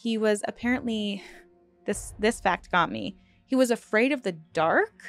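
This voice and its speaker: Female true crime host, mid-pitched, earnest and conversational, dry close mic. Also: animated, a little slow, no echo, soft background music. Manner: earnest, emotional, choked up at times; conversational with many fillers and restarts. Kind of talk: true crime storytelling, scripted with asides.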